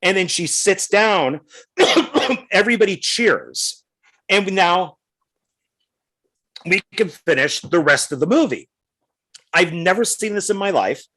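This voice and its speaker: A middle-aged man co-hosting a podcast, telling a rambling story in a casual, animated way. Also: high-pitched, slow pace, long pauses. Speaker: podcast co-host.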